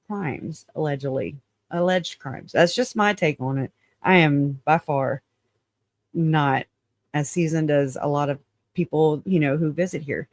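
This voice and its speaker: A man's voice: a little high, no room sound. A man hosting his channel in casual livestream chat, frank and rambling, often laughing and hedging claims as alleged. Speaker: channel host.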